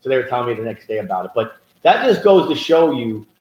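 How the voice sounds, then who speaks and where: A man co-hosts a casual political podcast and tells stories with growing emphasis, often building into a rant. His voice sits mid-pitch and carries a roomy echo. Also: quick pace, lo-fi sound. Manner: animated storyteller, rising emphatic rants. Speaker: podcast co-host.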